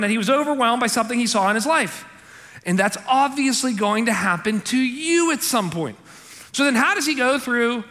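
High, bright-voiced pastor preaching in a reverberant hall. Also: male voice. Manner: conversational, emphatic, frequent "okay?" and "right?" asides. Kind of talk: sermon. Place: church sanctuary.

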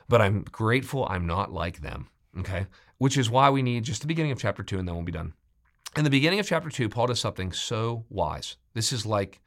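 A middle-aged man preaching a sermon as pastor. He gets more animated, louder and higher when he quotes scripture or speaks for someone. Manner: animated, rising in pitch and volume when quoting scripture.

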